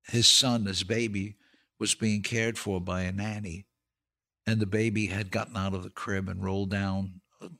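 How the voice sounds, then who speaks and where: A man's voice: on the low side, gravelly, bright, forceful tone. An older man, an actor and comedian, telling anecdotes as a guest in a podcast interview, laughing through his punchlines.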